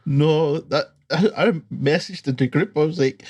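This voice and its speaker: A man's voice: a little high, measured pace, a little mellow, breathy edge, dry recording, studio quality. A Scottish man co-hosting a sports podcast, recounting things casually with quoted asides. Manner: storytelling with quoted asides, laughing. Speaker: podcast co-host. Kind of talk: casual chat.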